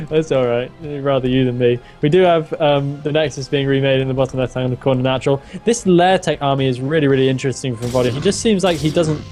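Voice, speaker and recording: Fast-talking male game caster. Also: medium pitch, faint music behind. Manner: excitable, laughs often. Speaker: esports caster. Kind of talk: live game commentary.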